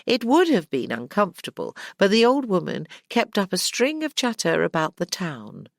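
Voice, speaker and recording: Gravelly low-voiced woman narrator. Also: dry recording, studio quality. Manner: expressive, voices the characters. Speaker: audiobook narrator. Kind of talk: scripted narration.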